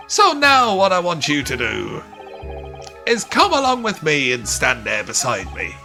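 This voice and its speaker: Bombastic wealthy gent, wild put-on accent, big swooping pitch; a man plays him; game music under. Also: wildly swooping pitch, unhurried, few pauses, sharp tone, full character voice. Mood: blustering. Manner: theatrical, blustering, swooping pitch. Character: boastful rich middle-aged man, odd put-on accent.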